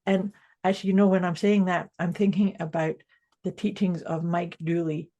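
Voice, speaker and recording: A woman's voice: lowish voice, fairly even intonation, moderate pace, warm tone, lo-fi sound. A woman co-hosting a motivational mindset podcast, speaking reflectively and often restarting her sentences. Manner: reflective, with frequent restarts and self-corrections. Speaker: podcast co-host.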